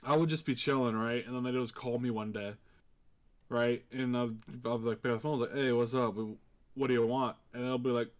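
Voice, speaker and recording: A man's voice: mid-range voice, steady tone, a little fast. A man in casual chat, telling a story in an offhand way.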